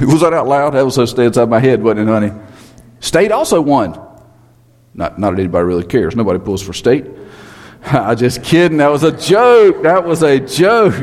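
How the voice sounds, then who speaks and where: Man preaching a joking sermon. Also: medium pitch. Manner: joking, teasing, rhetorical questions.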